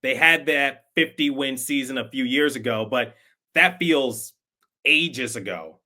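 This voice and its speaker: A man's voice: medium pitch, measured pace, sharp tone. A man hosting a sports podcast, giving conversational, emphatic opinion commentary with some repeated words. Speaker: podcast host.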